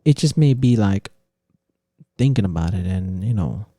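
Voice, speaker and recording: A man hosting a casual podcast, ranting in an animated way and swearing constantly. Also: lowish voice, moderate pace, husky, no room sound, studio quality. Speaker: podcast host. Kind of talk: casual opinion talk.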